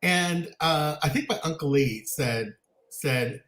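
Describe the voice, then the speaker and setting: Animated storytelling man in an echoey room. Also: a little high, takes it slowly. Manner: animated storyteller, laughs often. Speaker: co-host. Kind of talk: casual chat, storytelling.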